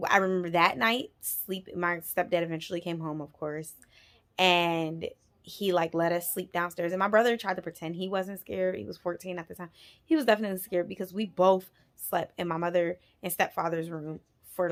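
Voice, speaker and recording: A woman in her twenties telling a personal story on her vlog, animated and emphatic, with frequent swearing. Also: on the low side, moderate pace. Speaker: vlogger.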